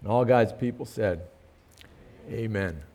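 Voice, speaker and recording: A man's voice: fairly low pitch, unhurried, mellow, a little hiss or hum. A male pastor praying earnestly and then telling a story in a sermon, with emphatic rises in his delivery.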